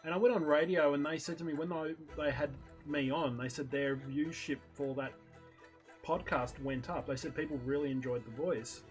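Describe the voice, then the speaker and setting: A man's voice: a little high, fairly even intonation, normal speed, soft background music, poor audio. A man with an Australian accent hosting a live stream, chatting casually and explaining things at length. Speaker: streamer host.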